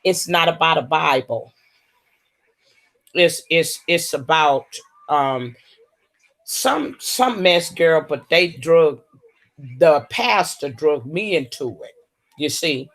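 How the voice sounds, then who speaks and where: A woman's voice: deep voice, expressive, a bit bright. A woman hosting a casual livestream, drawling and calling viewers baby and honey. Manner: slow, drawling, full of terms of endearment. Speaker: livestream host.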